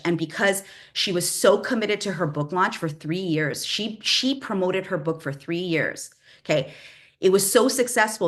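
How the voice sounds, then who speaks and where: A woman's voice: on the low side, a bit bright. A middle-aged woman from the Bay Area talking casually to an audience as a publishing coach, chatty and emphatic, with lots of "like". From Bay Area, California.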